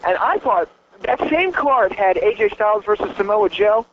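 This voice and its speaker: High-voiced excitable man chatting wrestling. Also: narrow, tinny audio, slight background noise. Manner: excitable, bragging, quick laughs. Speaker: podcast co-host. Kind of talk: casual wrestling chat.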